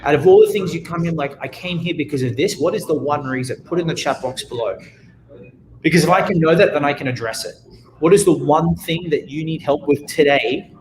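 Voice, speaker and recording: Energetic Australian man giving tips. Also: fairly high pitch, a little fast, rough recording. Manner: energetic, animated, acts out quotes. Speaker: guest speaker. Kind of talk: motivational livestream talk.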